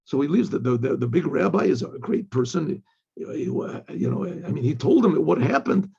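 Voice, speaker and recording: A man, a rabbi, telling a story in a lesson, animated and repeating himself, acting out the people in it. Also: on the high side, normal speed, vocal fry, husky. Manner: animated storyteller, acts out quoted voices, repeats words. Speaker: rabbi teaching. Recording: dull lo-fi recording.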